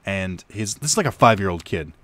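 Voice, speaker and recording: A man's voice: sits low, expressive, brisk, bright, forceful tone, no echo. A young man streaming a game, chatting casually and telling a rambling story full of fillers. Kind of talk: casual chat while gaming.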